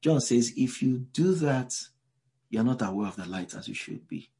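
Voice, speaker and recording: A man's voice: medium pitch, animated, normal speed, dark tone. A man preaching a sermon to a live congregation in a church. He talks in a loose, conversational way, drops in many asides and asks the listeners questions directly. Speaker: pastor.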